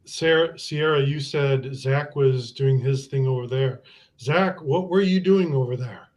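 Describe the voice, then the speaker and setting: A man hosting an interview, calmly asking his guests open questions. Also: medium pitch, a little slow. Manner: calm, asks open questions. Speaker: podcast host.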